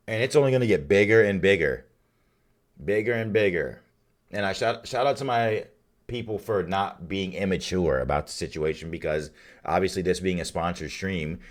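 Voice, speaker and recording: A tired man with a raspy voice, signing off a live stream with casual, rambling shout-outs to his chat. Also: sits low. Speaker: streamer hosting a watch party.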